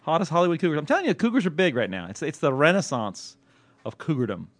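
A man's voice: a little high, big pitch swings, dry recording. A man co-hosting a casual podcast, bantering and teasing with jokey asides. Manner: joking, teasing, quick asides. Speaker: podcast co-host.

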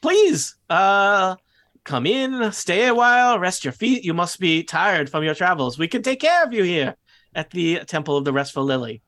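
A man's voice: high-pitched, huge pitch swings, fairly bright tone, voice pushed up, full character voice. A man voicing an eager young male temple greeter who speaks with a thick fake French-style accent and stumbles over his words. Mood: eager welcoming. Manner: overly welcoming, halting, stumbling over words.

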